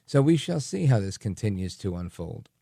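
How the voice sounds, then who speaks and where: A man's voice: fairly low pitch, big pitch swings, moderate pace, vocal fry, warm tone, dry recording, studio quality. A man hosting a talk radio show, delivering a rambling, chatty monologue full of asides and fillers.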